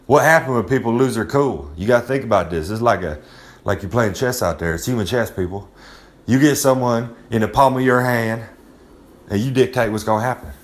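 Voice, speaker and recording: A man's voice: mid-range voice, fairly quick. A man giving a casual, swaggering monologue of tips as a recurring segment presenter, talking loose and streetwise and repeating himself for effect. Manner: swaggering, loose, repeats "I'm just saying", streetwise slang.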